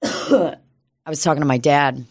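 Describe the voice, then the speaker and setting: Low-voiced woman telling profane stories. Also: unhurried, no echo, studio quality. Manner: profane, animated storytelling with voiced quotes. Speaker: podcast co-host. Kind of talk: casual comedic chat.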